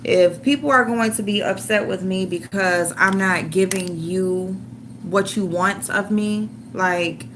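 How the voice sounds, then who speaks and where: A woman's voice: mid-range voice, a little slow, noisy background. A middle-aged woman venting in casual livestream chat, frank and loose, swearing freely as she talks to viewers. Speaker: livestream host.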